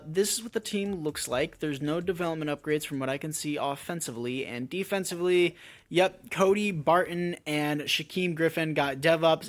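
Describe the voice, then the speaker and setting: A man's voice: a little high, a bit bright. A young man giving casual, chatty commentary over a sports video game, joking and correcting himself as he goes. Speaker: gaming YouTuber.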